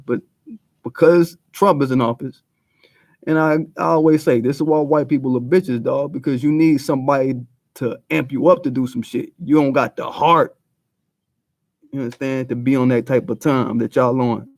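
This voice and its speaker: A man's voice: medium pitch, moderate pace, a little mellow, no echo. A man giving a blunt, profane commentary rant full of street slang. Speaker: video commentator.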